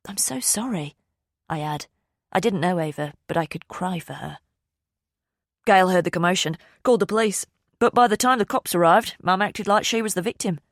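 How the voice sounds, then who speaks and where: Female audiobook narrator, low register, dry close recording, voices characters lightly. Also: a little fast, no room sound. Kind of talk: scripted narration.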